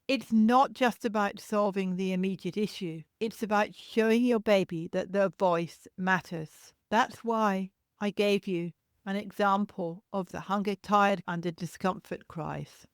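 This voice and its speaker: Woman, podcast host, gentle reassuring teaching tone, imitates baby cries, dry close sound. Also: medium pitch, a little slow, clear, resonant tone, dry recording. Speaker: podcast host and childcare educator. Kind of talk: solo parenting podcast.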